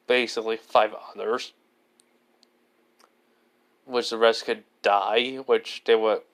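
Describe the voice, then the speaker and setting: A man's voice: lowish voice, fairly bright tone, smooth. A man casually improvising a fan story, rambling and leaning heavily on filler words. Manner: rambling, leans on "basically" and "you know" fillers.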